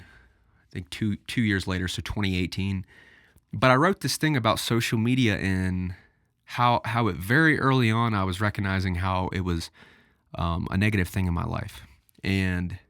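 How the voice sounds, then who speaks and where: A man with a fairly low voice hosts a solo podcast, rambling casually and speaking straight to his listeners. He sounds a bit out of breath. The recording is dry and close, with no room sound. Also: a bit bright, dry recording. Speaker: podcast host.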